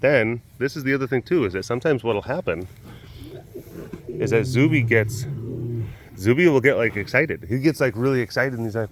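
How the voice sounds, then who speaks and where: An animal keeper vlogger walks around a rural animal facility outdoors, rambling playfully and talking to the animals in a casual vlog. His voice is mid-range and his pace moderate.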